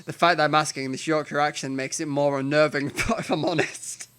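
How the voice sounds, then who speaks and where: A young man with a northern English accent reading a visual novel aloud, animated and self-mocking. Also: fairly high pitch, a little fast, smooth. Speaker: let's player.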